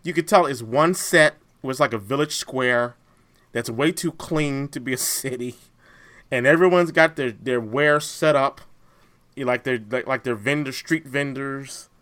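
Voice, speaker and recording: A man co-hosting a podcast in casual chat, animated and laughing often, restarting his sentences as he goes. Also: mid-range voice, unhurried. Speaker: podcast co-host.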